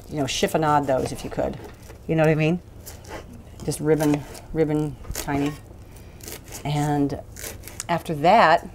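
A woman with a notably low voice talks through a recipe in a kitchen. She rambles and laughs easily, with a little faint noise behind her. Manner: chatty, rambling, laughs often. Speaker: cooking show host. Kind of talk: casual cooking demonstration.

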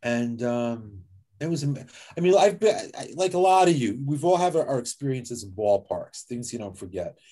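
Man telling anecdotes, lively and conversational. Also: mid-range voice, moderate pace. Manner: conversational, lively, with frequent "like" and "you know". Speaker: author and guest speaker. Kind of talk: anecdotal storytelling talk with slides.

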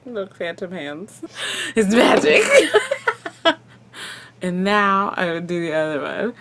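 A woman's voice: fairly low pitch, measured pace, background noise. A young adult woman vlogger chatting casually through a makeup tutorial, playful and chatty, tossing in little sound effects. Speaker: beauty vlogger.

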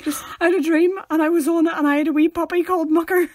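A woman's voice: very high-pitched, steady tone, quick pace, darkish tone, no echo, studio quality. A young woman with a Northern Irish accent, co-hosting a podcast in playful, giggly casual chat. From Northern Ireland. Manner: playful, giggly, puts on gruff voices. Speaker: podcast co-host.

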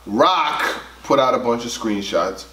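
A man's voice: mid-range voice, lively intonation, measured pace, bright, forceful tone, distant mic. A man hosting a casual commentary chat, blunt and profane, walking through the story step by step. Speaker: host. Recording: roomy sound, away from mic.

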